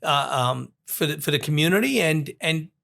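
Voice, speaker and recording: A man, a police commissioner telling a story as a podcast guest, animated and full of restarts. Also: on the high side, normal speed, gravelly. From Long Island, New York. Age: 60s. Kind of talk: storytelling in an interview.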